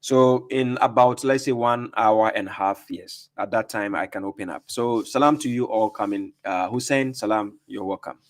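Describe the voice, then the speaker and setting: A man's voice: on the low side, moderate pace, hardly any pauses. A man hosting a live stream, talking casually and greeting viewers by name, laughing often.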